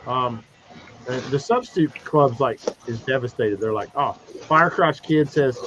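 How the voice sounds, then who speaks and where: A man on a livestream video call recapping a comic book in a profane, animated way, slipping into mocking voices for the characters. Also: mid-range voice, normal speed. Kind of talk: casual livestream chat. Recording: dull lo-fi stream audio with noise.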